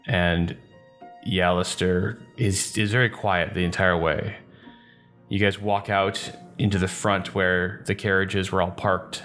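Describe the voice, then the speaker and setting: Low-voiced man running a tabletop game. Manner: relaxed storytelling with fillers. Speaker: dungeon master.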